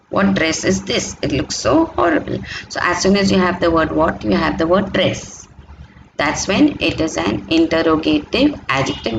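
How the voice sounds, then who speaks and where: A woman teaching a grammar lesson in a patient, explanatory way. She repeats key points and keeps checking that her students follow. The recording carries a clear hiss of background noise. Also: fairly low pitch.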